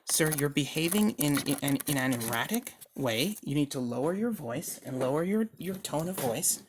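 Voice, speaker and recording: A scolding, bureaucratic doctor, as a man puts him on sounds pitched up and pushy, talking down to his patient. His lecture is stiff and self-righteous. It is a homemade one-man reenactment with a faint hiss behind it. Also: expressive, normal speed, natural voice. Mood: alarmed. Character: stern male psychiatric doctor, condescending.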